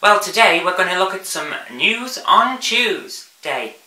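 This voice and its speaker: A woman's voice: mid-range voice, very animated, measured pace, pushed and bright, roomy sound, a little hiss or hum, poor audio. A woman hosting a vlog, ranting about the news in an angry, sarcastic, sweary way. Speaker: vlog host.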